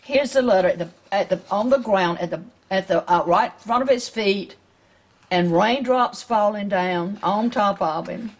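A woman with a Southern US accent reads a picture book aloud to children, gently stopping to ask her listeners questions. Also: medium pitch, moderate pace. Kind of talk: storybook read-aloud.

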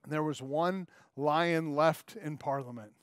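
A man's voice: on the high side, unhurried, no echo, studio quality. A man in his forties preaching a sermon as pastor, telling stories and acting out quoted lines in little character voices.

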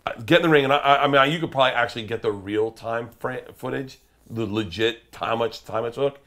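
A man telling a wild story as a guest, laughing and acting out quotes with sudden shouts. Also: mid-range voice, fast. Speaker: comedian guest. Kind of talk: animated storytelling.

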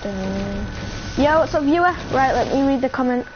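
Woman, game streamer, slow rambling chat, slightly high voice, dull lo-fi mic with faint hiss. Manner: rambling, chatty, talks to viewers. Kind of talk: live gameplay commentary.

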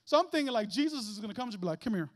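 A man preaches in a church, his voice sitting high and bright for a man. He keeps it conversational and animated, joking with the congregation and acting out little voices as he goes. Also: racing. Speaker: guest preacher. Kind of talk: lively conversational sermon. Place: church sanctuary.

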